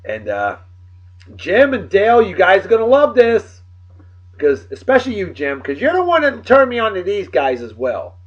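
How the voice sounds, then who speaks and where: A man's voice: high-pitched, huge pitch swings, moderate pace. A man hosting a casual video show, rambling with playful, exclamatory asides in a dull lo-fi home recording. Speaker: host. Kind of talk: casual video blog chat.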